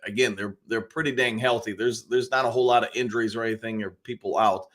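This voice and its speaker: An upbeat male host of a live football talk stream, with a voice of ordinary pitch. He reads out viewers' comments and answers them in a loose, rambling way, full of fillers and restarts. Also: steady tone, quick pace, fairly bright tone. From Detroit area. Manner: greets viewers by name, upbeat. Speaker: live show host reading chat comments. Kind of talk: casual football talk livestream.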